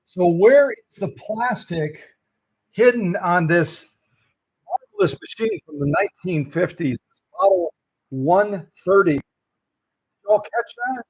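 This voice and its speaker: Playful gravelly man in a dry room. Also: high voice, animated, a little slow, dry recording, poor audio. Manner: playful, teasing quizzes to viewers. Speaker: sewing machine restorer and channel host. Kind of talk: casual hands-on demonstration.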